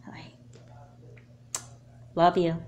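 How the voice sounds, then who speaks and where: A woman voicing a caring but firm mother in a home-made doll movie, speaking in a gentle, parental way. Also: extremely slow, highs cut off, slight background noise.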